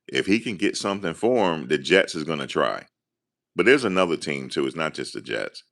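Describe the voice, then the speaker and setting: A man giving casual, rambling fan commentary, animated and excited as he tells stories. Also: very deep voice. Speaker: sports commentator.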